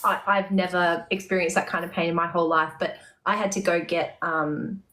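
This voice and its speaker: A woman's voice: fairly low pitch, level tone, moderate pace, fairly bright tone. A woman musician as a podcast guest in casual chat, joking and laughing along.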